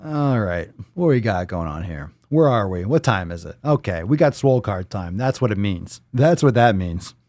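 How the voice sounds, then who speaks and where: A man's voice: on the low side, animated, moderate pace, hardly any pauses, darkish tone, dry recording, studio quality. A man hosting a live stream, chatting casually in a rambling, joking, profane way. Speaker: host. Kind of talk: casual livestream chat.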